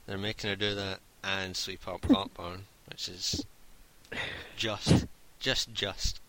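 A man's voice: deep voice, little pitch movement, takes it slowly, bright, forceful tone. A man casually telling a rambling, laughing anecdote and swearing freely.

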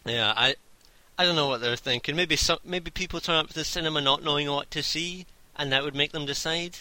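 A man's voice: fairly high pitch, a little fast, pushed and bright, dry recording. A man casually telling a rambling, laughing anecdote and swearing freely.

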